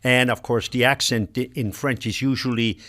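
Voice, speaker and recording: A man's voice: mid-range voice, fairly even intonation, moderate pace, pushed and bright. Older man from Nova Scotia, linguist guest; patient, methodical explainer. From Nova Scotia, Canada. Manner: patient, explains word by word with examples. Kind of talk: explanatory radio conversation.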